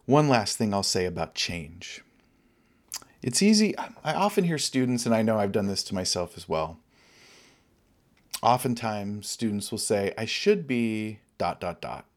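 A man, a Dharma teacher, giving a relaxed, conversational Dharma talk and laughing often. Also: lowish voice, measured pace, long pauses.

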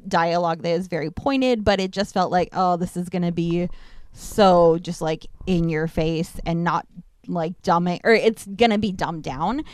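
A woman's voice: fairly low pitch, clean tone, no echo, clean studio sound. A woman co-hosting a podcast, talking casually about a film, candid, laughing easily and swearing freely. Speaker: podcast co-host. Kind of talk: casual movie review chat.

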